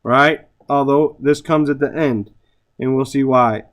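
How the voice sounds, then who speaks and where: A man's voice: mid-range voice, fairly even intonation, measured pace, dull audio. A man teaching a class on Arabic grammar, reciting Arabic phrases and translating them, often checking in with "right?". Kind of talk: classroom lesson.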